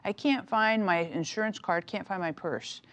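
A middle-aged woman, an author and minister, chatting as a talk-show guest, telling stories with animated energy and frequent laughter. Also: medium pitch, normal speed, slight background noise. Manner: animated storytelling, laughs often. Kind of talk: casual talk-show interview.

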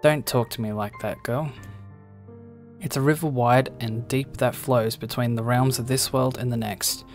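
A man doing a gruff, protective old grandmother. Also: medium pitch, fairly even intonation, normal speed, soft background music, lightly acted. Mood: stern. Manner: gruff, blunt. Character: fierce, protective old grandmother, blunt and rough-spoken.

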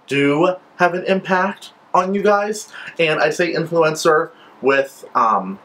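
A male vlogger chats casually through a product review, gushing over each scent he smells. His voice sits at an ordinary middle pitch and his talk is enthusiastic and effusive. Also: fairly bright tone, poor audio. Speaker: vlogger reviewing wax melts.

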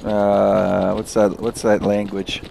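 A man's voice: fairly low pitch, completely flat delivery, slow, creaky, dark tone, slight background noise. A man chatting casually and a little hesitantly while playing a co-op game with a friend. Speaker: co-op gamer. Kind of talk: casual let's-play chat.

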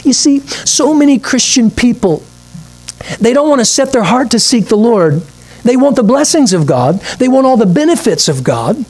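A man's voice: extremely high pitch, sing-song, normal speed, darkish tone. A man, a pastor preaching a midweek sermon, reading scripture aloud and acting out little asides.

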